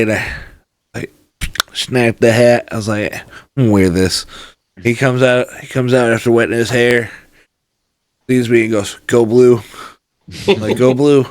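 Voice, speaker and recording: A man's voice: mid-range voice, no echo. Man telling a wry story, dry sound. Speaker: podcast host. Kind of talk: casual chat.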